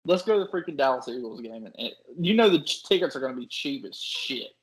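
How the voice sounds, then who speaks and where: A young man co-hosting a casual sports podcast, excitable and quick to laugh, swearing casually as he talks. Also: mid-range voice, low-quality recording. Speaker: podcast co-host.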